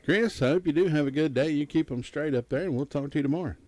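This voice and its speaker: A man's voice: a little high, quick pace, darkish tone. A middle-aged man hosting a local morning radio show, chatty and joking. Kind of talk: casual radio chat. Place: radio studio.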